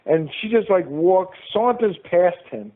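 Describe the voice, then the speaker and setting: Guest spot: New man, slightly high voice, spins anecdotes and plays out every quote, heard down a tinny phone line. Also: a little slow. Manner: animated, acts out quoted lines. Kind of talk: storytelling in a casual interview.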